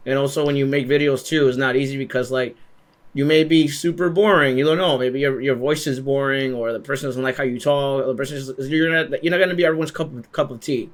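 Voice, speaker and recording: A man's voice: medium pitch, quick pace. A young adult man asking questions in a casual conversation, often repeating and restarting his words. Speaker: interviewer.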